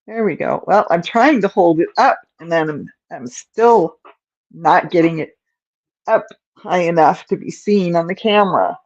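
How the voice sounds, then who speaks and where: A woman hosts a relaxed crochet livestream from home, rambling through viewer comments at an unhurried pace. Her nose is stuffed up and her voice sits on the lower side. The audio is dull and lo-fi. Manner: chatty, meandering, reads and answers viewer comments. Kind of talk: casual livestream chat. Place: at home in front of a camera.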